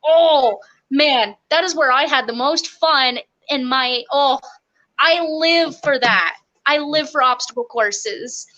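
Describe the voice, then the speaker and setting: A young woman telling stories from army basic training in a casual interview, lively and quick, acting out the quotes. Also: high voice, lo-fi sound. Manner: animated, quick storytelling with acted-out quotes.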